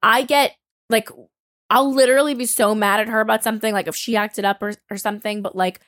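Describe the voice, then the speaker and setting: A woman's voice: a little high, fairly even intonation, brisk, fairly bright tone, no echo, clean studio sound. A woman co-hosting a podcast in casual, emphatic chat, laughing often and swearing freely. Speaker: podcast co-host.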